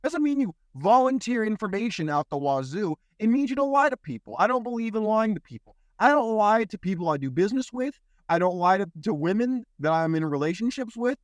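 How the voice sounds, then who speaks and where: A young man hosting a podcast, telling a story in casual chat with loose swearing and quick impressions of other people. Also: high-pitched, dry recording, clean studio sound. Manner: animated, swears freely, mimics others in quotes. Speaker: podcast host.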